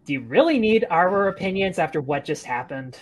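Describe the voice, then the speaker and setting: A man's voice: high-pitched, lively intonation, brisk. A man on a podcast making dry, teasing remarks in casual chat.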